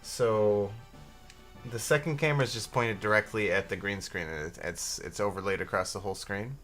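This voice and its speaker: A man's voice: on the low side, moderate pace, a bit bright, faint music behind. Sarcastic, swearing male streamer. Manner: crude, joking, sarcastic. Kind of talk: casual gaming stream chat.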